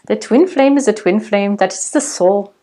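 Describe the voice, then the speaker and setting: A lofty, unhurried spiritual guru, as a woman puts him on speaks in a fake Indian accent. The words come slow, grand and sing-song, and the voice sits a little back from the mic. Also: medium pitch, dark tone, natural voice. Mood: serene, lofty. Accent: put-on Indian accent.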